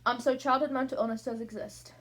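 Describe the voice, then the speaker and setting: A young woman talks to camera from her room at home at night, rambling between topics and slightly breathless in this casual vlog chat. She speaks quickly, her voice a little high and a bit bright, with fairly even intonation.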